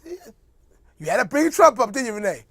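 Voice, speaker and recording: A man talking in a loose, rambling comic monologue, his pitch swooping up and down as he jokes and mocks. He laughs often, and his voice sounds close and dry with no room echo. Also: big pitch swings, fairly quick, a bit bright, breathy edge. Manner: joking, mocking, laughs often. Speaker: host. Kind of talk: casual comedic monologue.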